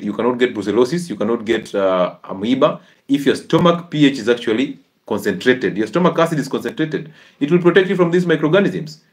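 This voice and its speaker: A man giving call-in health advice, emphatic and lecturing, laughing often. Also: fairly low pitch. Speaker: health talk host taking calls.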